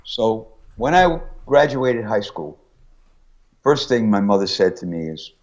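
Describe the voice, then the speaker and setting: A man's voice: on the low side, unhurried. Older man telling stories, lo-fi. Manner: storytelling, animated when quoting family. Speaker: guest singer. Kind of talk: casual interview chat.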